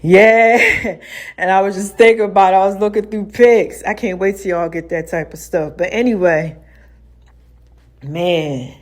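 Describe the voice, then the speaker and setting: In a mid-range voice that moves a little slowly, a woman talks through her own podcast alone. She uses slang freely, laughs often and puts on voices as she tells her stories.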